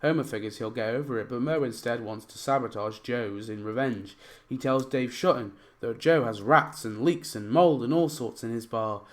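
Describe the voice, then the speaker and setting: Hoarse young man rambling about a game. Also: medium pitch, normal speed. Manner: rambling, many fillers. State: losing his voice. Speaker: YouTuber pitching game ideas. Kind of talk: casual commentary over gameplay.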